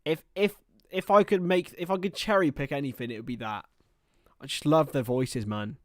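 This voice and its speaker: A young man in his twenties giving chatty, excitable live football watchalong commentary to his chat, laughing often. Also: medium pitch, fairly quick, no echo, studio quality. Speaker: streamer and commentator.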